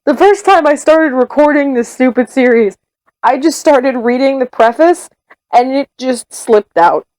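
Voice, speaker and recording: A woman's voice: sits high, animated, unhurried, darkish tone, no room sound, poor audio. A woman from the US Midwest who reads audiobooks, talking casually and self-mockingly to her listeners in an exasperated, rambling way. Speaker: audiobook reader.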